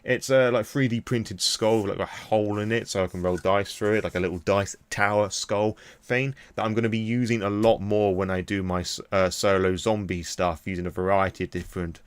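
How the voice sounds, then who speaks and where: A young British man with a fairly low voice, excitedly recapping a tabletop game he ran as game master. He rambles, peppering his talk with fillers. The sound is dry and close, with no room echo. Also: a little fast, few pauses, clear, resonant tone. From Britain. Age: young adult. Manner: rambling, filler-heavy, enthusiastic. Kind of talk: casual recap of a tabletop session.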